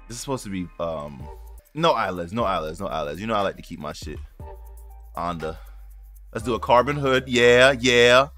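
A man streaming a racing game, swearing freely and reacting loudly as he plays. His voice is bright and jumps all over in pitch. Faint music plays behind him. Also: normal speed. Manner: excitable, slangy and profane, talks to viewers. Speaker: gaming YouTuber. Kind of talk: casual racing-game commentary.

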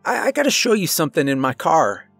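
A man's voice: a little high, fast, slightly rough, no room sound, faint music behind, pitched above the performer's own voice, heavily acted. A man voicing a casual, laid-back young male college friend in a horror story. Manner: relaxed slangy talk.

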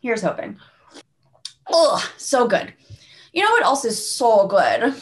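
A woman's voice: fairly high pitch, wildly swooping pitch, slow pace. A woman hosting a casual chat show, bubbly and jokey, slipping into playful put-on voices. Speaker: host.

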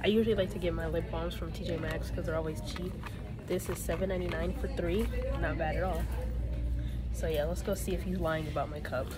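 A young woman vlogging casually while driving and shopping, chatty, excitable and giggly. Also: fairly low pitch, brisk, over loud music. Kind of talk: casual vlog chat. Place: car, then inside a store. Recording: loud background noise.

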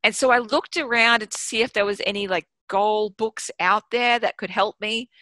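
There's no echo on this recording of a woman with a medium-pitched voice talking at normal speed. She's an Australian business mentor and guest author in her thirties who swears freely, telling lively, frank stories in casual chat while quoting her own inner voice.

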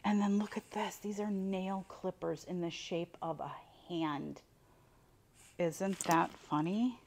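A woman's voice: on the low side, slow pace, darkish tone, slight background noise. An older woman running a casual unboxing chat for her viewers, chatty and exclaiming over each item as she pulls it out. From Buffalo, New York. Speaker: reseller unboxing mystery boxes.

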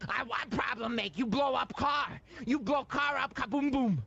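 A man playing a volatile, vengeful male gang member in an improvised game role-play, swearing and shouting threats. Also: very high voice, normal speed, vocal fry, breathy edge, dull audio, full character voice. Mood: menacing.

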